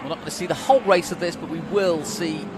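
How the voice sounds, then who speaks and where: Brief: male race co-commentator, jokey banter, somewhat high voice, noisy background. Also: fast. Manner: playful, joking banter. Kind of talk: live motorsport commentary. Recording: steady noise in background.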